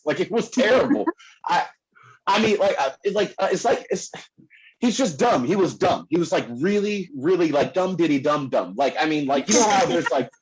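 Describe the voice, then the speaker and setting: A man's voice: high-pitched, slightly rough, poor audio. A man performing a stand-up comedy set on a club stage, rambling with lots of fillers and laughing at his own jokes. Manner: rambling, filler-heavy delivery.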